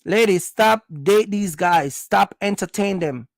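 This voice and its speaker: Casting: blunt vlogger, high gravelly voice, mocking and scolding. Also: male voice, unhurried, no echo. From Jamaica. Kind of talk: opinionated monologue.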